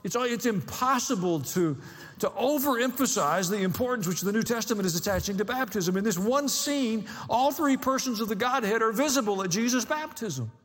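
A man's voice: high-pitched, expressive, moderate pace, a bit bright, big-room sound. A man preaching a sermon as pastor, conversational with dry humor and building emphasis.

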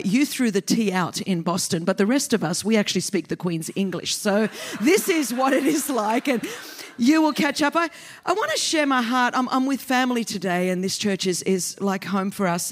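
Aussie woman in her 50s preaching, pumped up, cracking jokes, talks fast and nonstop, mid pitch. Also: animated. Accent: Australian. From Australia. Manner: fired-up, joking, fast and continuous. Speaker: guest preacher. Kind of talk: energetic sermon.

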